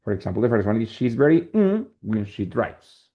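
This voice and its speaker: Teaching English in a classroom, a man with a Spanish accent speaks at normal speed in a sing-song, medium-pitched voice. He breaks things down step by step and keeps asking "right?", and the recording is dull and lo-fi.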